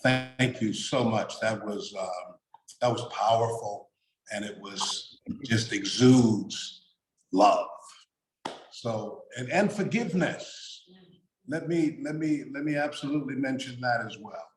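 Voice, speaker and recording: A man's voice: medium pitch, slow pace, roomy sound, slight background noise, rough recording. A man hosting an online event, speaking with frequent exclamations. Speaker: event host. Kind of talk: casual hosting.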